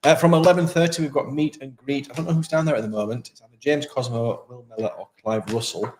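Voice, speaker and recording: A man's voice: mid-range voice, steady tone, fast, a little mellow, a little hiss or hum. A man co-hosting a live stream from a town event, chatting casually and running through the schedule. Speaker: co-host of a live local stream.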